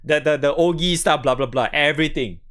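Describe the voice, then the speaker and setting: A man's voice: on the high side, fairly quick, a bit bright. A young man chatting casually to his stream audience about games, rambling, swearing freely and laughing often. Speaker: game streamer. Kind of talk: casual gaming stream chat.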